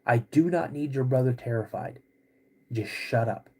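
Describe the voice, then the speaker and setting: A man voicing an irritated father who curtly hushes his son. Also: medium pitch, moderate pace, close to an everyday voice. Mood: stern. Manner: curt, scolding.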